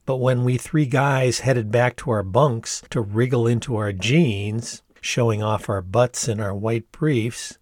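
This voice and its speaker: A man in his sixties reading his own memoir aloud in a measured, reflective and candid way, as audiobook narration. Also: medium pitch, no room sound, clean studio sound. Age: 60s.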